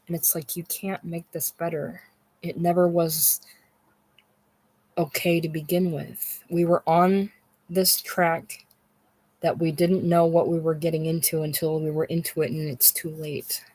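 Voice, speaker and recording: A speaker talks slowly through a long unscripted ramble about a book, stumbling over words and circling back to the same point. The occasional curse lands for emphasis. The recording is close and dry, with no room sound. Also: mid-range voice, level tone, darkish tone, no echo. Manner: halting, repeats words, swears for emphasis. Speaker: book discussion host.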